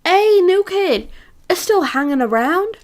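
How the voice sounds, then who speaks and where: A woman's voice: a little high, normal speed, darkish tone, lightly acted. A woman voicing a smug, sarcastic male cartoon rabbit in a dating game, reading his lines in a drawling, mocking way. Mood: teasing.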